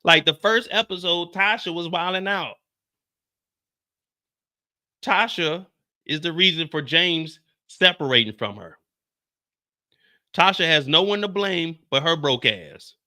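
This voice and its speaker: A man hosting a live stream, recapping a TV episode in animated, profane, blunt commentary. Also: on the high side, measured pace, long pauses. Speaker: TV show recap host.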